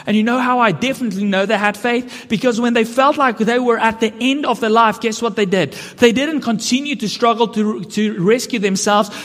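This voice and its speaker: A man's voice: very high voice, fairly bright tone. A man preaching a sermon, earnest and building to emphatic questions. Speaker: pastor. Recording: long hall reverb.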